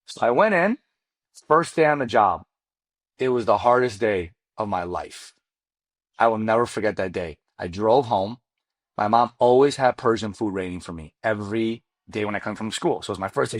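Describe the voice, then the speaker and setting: A man in his forties, not a native English speaker, telling his story as a podcast guest in a lively, casual way full of slang. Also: moderate pace, no echo. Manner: lively, acts out quoted dialogue with big pitch jumps; casual slang, addresses host directly. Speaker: podcast guest, mortgage loan officer. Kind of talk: animated storytelling in a podcast interview.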